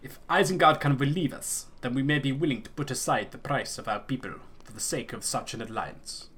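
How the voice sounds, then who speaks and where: A man voicing a proud, wary tribal chieftain, reading game dialogue in a gruff, skeptical, weighty way. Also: medium pitch, fairly quick, fairly bright tone.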